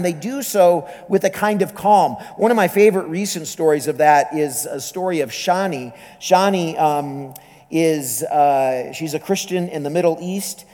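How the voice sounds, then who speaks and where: High-pitched male pastor, animated sermon storytelling, word repeats, long church reverb. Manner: animated, repeats words when excited.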